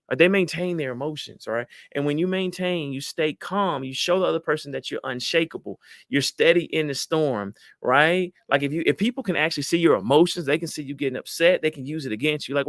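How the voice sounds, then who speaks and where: Guy psychologist hyping up a crowd, kinda high voice, dry mic, says y'all a lot. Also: fairly quick, hardly any pauses, no room sound. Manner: animated, acts out quoted voices, addresses audience as y'all. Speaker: psychologist giving advice. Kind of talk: motivational talk to a live audience.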